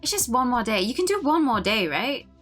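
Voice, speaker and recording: Frantic young woman in charge of a falling-apart convention, read by a woman; pleading, lively pitch. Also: brisk, soft background music. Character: panicked young woman running a failing convention. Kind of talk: reading game dialogue aloud.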